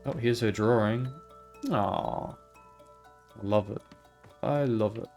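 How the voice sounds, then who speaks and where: A man's voice: lowish voice, slow pace, gravelly, darkish tone, faint music behind. A man giving casual, muttering running commentary as he plays a video game. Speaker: gaming video host. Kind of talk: casual let's-play commentary.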